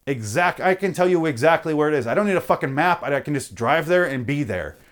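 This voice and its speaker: A podcast host with a fairly high voice launches into a comedic rant, speaking quickly and animatedly. He swears heavily and frequently interrupts himself.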